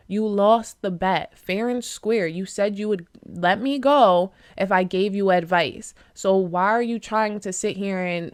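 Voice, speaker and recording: A woman's voice: medium pitch, clear, resonant tone, natural voice. A woman voicing a smug male nightingale in a casual retelling of a fable, lecturing and mocking with loose everyday fillers. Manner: mocking, lecturing, laid-back with many fillers. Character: smug male nightingale, small talking bird.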